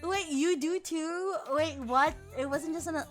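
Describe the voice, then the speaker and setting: A woman from the Philippines, a VTuber streamer chatting casually with her chat, animated and laughing often, with casual swearing. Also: high voice, unhurried, soft background music.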